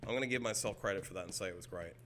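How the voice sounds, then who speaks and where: An Australian man streaming a game, chatting casually with viewers in an excitable, rambling way and swearing freely. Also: deep voice, rapid-fire, slight background noise. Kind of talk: casual chat while gaming.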